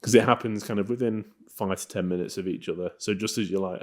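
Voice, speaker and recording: A man with a deep, low voice talking through classic films on a podcast. He rambles easily, trailing off and circling back with plenty of ums and likes. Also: fast, hardly any pauses. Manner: relaxed, rambling, many fillers. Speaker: podcast co-host. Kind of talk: casual film review chat.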